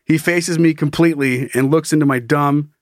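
A man's voice: a little high, moderate pace, no echo, studio quality. A man hosting a podcast, telling a story dramatically with swearing and laughs, in a casual chat style. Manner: animated, swearing, laughing at his own story. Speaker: podcast host.

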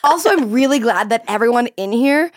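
A woman's voice: fairly high pitch, lively intonation, brisk. An American woman hosting a podcast in casual chat, giggly and self-mocking, laughing often. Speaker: podcast host.

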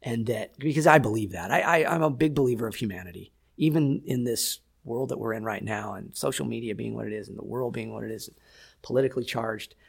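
A man's voice: mid-range voice, fast talker, gravelly, breathy edge. A man in his forties, a voice actor, chatting thoughtfully in an interview, often restarting his sentences as he searches for words. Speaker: voice actor guest. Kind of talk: casual interview chat.

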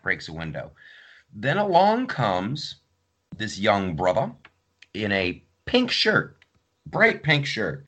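A man's voice: on the low side, slow pace, husky. A man hosting a podcast, telling stories in casual chat and acting out the people in them. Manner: animated storytelling, acts out quotes. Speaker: podcast host.

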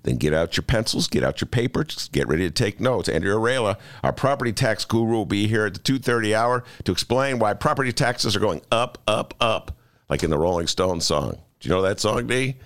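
A man's voice: fairly low pitch, lively intonation, a little fast, a bit bright, dry recording. A man hosting a political talk radio show, riffing sarcastically with jokey asides to his listeners.

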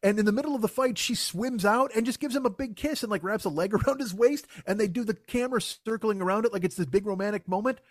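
Male podcast host, high-pitched, dry close-mic sound, profane exasperated comic ranter. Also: fast, few pauses, dry recording. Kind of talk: casual comedic rant.

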